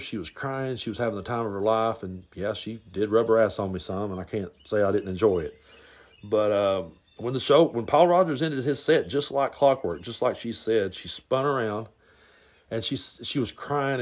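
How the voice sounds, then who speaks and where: Blunt man rambling through a story. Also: lowish voice. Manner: blunt, rambling, stumbles and repeats words. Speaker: podcast host. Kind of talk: casual storytelling monologue.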